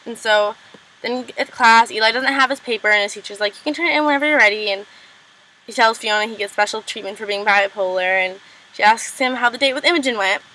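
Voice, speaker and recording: Chatty bright-voiced young woman. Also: mid-range voice, low-quality recording. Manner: chatty, lots of "like" and "um", acts out lines in quick impressions. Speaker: recap vlogger. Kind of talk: casual episode recap.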